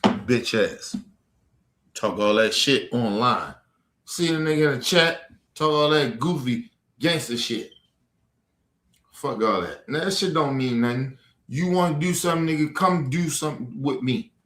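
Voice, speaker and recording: A man's voice: medium pitch, animated, a little slow, fairly bright tone, reverberant. A man ranting at a viewer on a livestream, aggressive and profane. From Baltimore. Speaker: streamer. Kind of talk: livestream rant.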